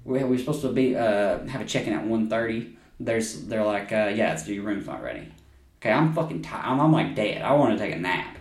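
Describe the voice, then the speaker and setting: A man's voice: fairly low pitch, a little fast, far from the mic. A man, hosting a podcast and telling a story in casual, profane chat, laughing often. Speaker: podcast host. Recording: echoey room, off-mic.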